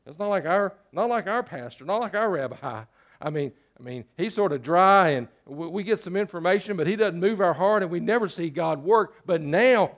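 Delivering a sermon, this pastor speaks to his congregation conversationally and asks them rhetorical questions. His voice sits high.

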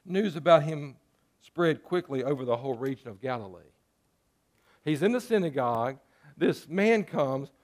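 A man's voice: a little high, expressive, moderate pace, darkish tone. A man preaching a sermon as pastor, talking conversationally and putting rhetorical questions to his listeners.

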